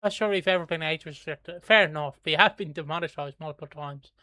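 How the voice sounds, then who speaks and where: Irish man, livestream reaction host, sweary and rambling, bright voice, dry close sound. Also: fairly high pitch, fairly quick, no room sound. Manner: swears freely, rambling and chatty.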